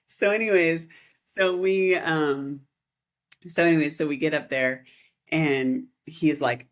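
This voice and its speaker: A woman in her thirties, a podcast co-host, telling a rambling, animated story in casual chat and laughing often. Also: low voice, normal speed.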